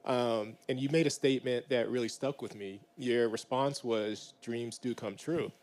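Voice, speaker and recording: A man's voice: medium pitch, moderate pace, a little mellow. A man moderating a live panel, leading into questions in a reflective way.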